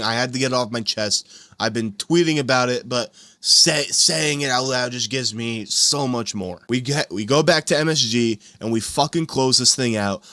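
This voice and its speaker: A man's voice: mid-range voice, fairly bright tone, no room sound. A young man ranting as a sports commentator at his computer at home, exasperated and emphatic, repeating his points.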